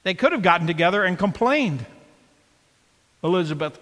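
A male pastor preaching a sermon, expressive and emphatic, often asking the congregation questions, in a church. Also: high voice, normal speed, pauses often, in a large hall.

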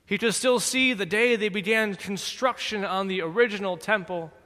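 A man giving dramatic scripted narration in a slow, deliberate, solemn manner. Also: high voice, pushed and bright, big-room sound.

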